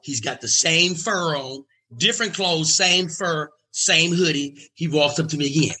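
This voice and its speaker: A male stand-up comedian telling an animated story, acting out the voices of the people in it. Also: fairly high pitch, normal speed, hardly any pauses. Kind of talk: storytelling on a talk show.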